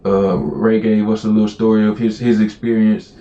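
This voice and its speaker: A man hosting a casual call-in podcast, talking in a relaxed, rambling way with many fillers. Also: fairly low pitch, moderate pace, echoey room, muffled recording. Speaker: podcast host.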